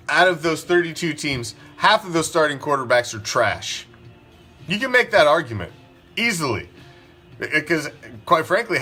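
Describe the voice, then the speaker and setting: A man's voice: fairly high pitch, pushed and bright, husky. Profane, ranting male sports talker. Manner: profane, ranting, fires rhetorical questions. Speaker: sports podcast host. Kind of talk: opinionated sports talk.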